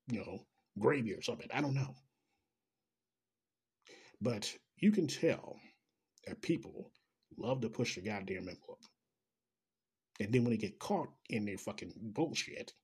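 A man in full rant, swearing through nearly every sentence and dripping with sarcasm. His voice is husky and breathy, sitting at an ordinary middle pitch for a man. He talks straight at his audience, heated and scornful. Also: lively intonation, normal speed, long pauses, darkish tone. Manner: angry, profane, sarcastic. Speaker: commentator. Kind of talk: ranting commentary.

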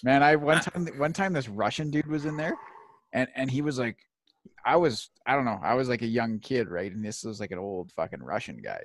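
A man's voice: mid-range voice, lively intonation, a little fast, no room sound. A man in casual chat, telling a story in a laid-back way with plenty of swearing.

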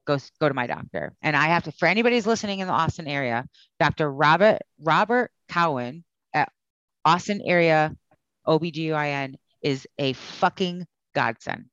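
A woman's voice: deep voice, normal speed, a bit bright, no room sound, muffled recording. A woman guest telling her story in a candid, conversational way. She speaks bluntly, swears freely and acts out the lines of the people in her story.

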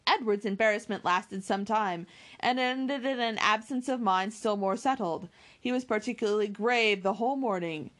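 Woman, audiobook reader of a classic novel, stumbles now and then and corrects herself. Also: mid-range voice. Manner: occasional slips and self-corrections. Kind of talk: reading a classic novel aloud.

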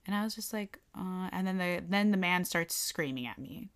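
A woman's voice: fairly low pitch, normal speed, smooth. A young woman in casual conversation, animatedly retelling a bad day at work and acting out the quotes. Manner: animated, lots of "like", acts out quotes. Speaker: storyteller recounting a work incident. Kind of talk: casual chat.

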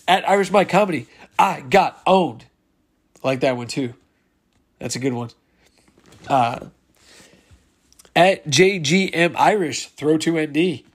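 A man hosting a casual solo sports podcast, chatting as he reads out listener replies and laughs along with them. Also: a little high. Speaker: podcast host.

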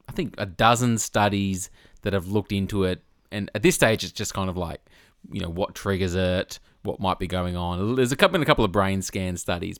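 Recorded dry on a studio microphone with studio quality, this man co-hosts a podcast in a casual chat. His voice is lowish and a bit bright, and he's chatty, explaining research and laughing often.

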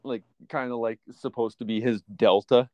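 A man co-hosting a podcast in casual chat, rambling with lots of fillers as he talks like an excited fan. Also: mid-range voice, normal speed, no echo, dull audio. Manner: rambling, filler-heavy, enthusiastic fan talk. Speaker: podcast co-host.

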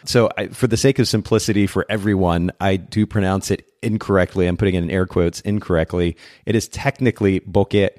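Deep-voiced, chatty male podcast host. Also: darkish tone, no room sound, clean studio sound. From Japan. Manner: chatty, rambling with restarts. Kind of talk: casual podcast interview.

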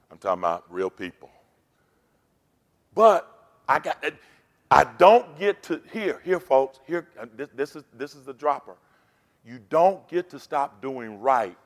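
A man's voice: on the high side, fairly bright tone. A pastor preaching a sermon, rousing and call-and-response in his delivery. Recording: long hall reverb.

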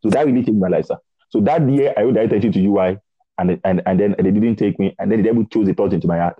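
Young guy from nigeria telling his faith story, husky lowish voice, dull dry sound. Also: fast, no echo. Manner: animated storytelling, acts out dialogue, repeats words. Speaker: guest preacher. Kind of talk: testimony in conversation.

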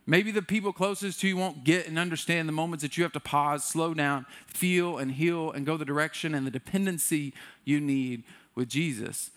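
A man delivering a sermon in an easygoing, chatty way, slipping into playful acted-out voices for the people in the story. His voice sits a little higher than most men's. It sounds like a young adult pastor talking straight to his congregation. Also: moderate pace, hardly any pauses, a bit bright. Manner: conversational, playful, acts out quotes.

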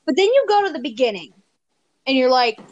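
Young-sounding high voiced woman joking around on a podcast, giggly and teasing. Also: sing-song, brisk, lo-fi sound. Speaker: co-host. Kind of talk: casual podcast chat.

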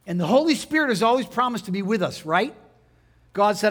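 Man, pastor, high voice, sermon, questions to the congregation, emphatic. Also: expressive, fairly quick, fairly bright tone. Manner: conversational preaching with rhetorical questions to the congregation.

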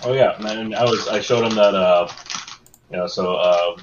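Rambling low-voiced podcast man. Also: moderate pace, background noise. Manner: rambling, meandering storytelling. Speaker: podcast co-host. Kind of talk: casual podcast chat. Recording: dull lo-fi sound.

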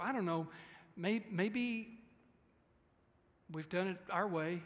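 A male pastor with a high voice delivers an animated sermon, slipping into the voices of the people he quotes. His words ring out with a long reverb, as in a large church hall. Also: takes it slowly.

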